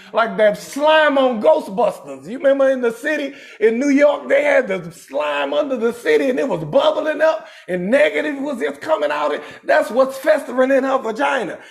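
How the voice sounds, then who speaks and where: A Southern American male comedian with a high, gravelly voice hosts a live stream. He's loud, profane and animated, reading out names from the chat in a casual comedy rant.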